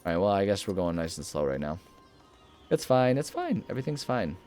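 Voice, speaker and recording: Faint music plays behind a young man commentating casually on the video game he's playing. He's low-pitched, very animated, fairly quick and a little mellow, rambling with jokes and self-mocking asides to himself.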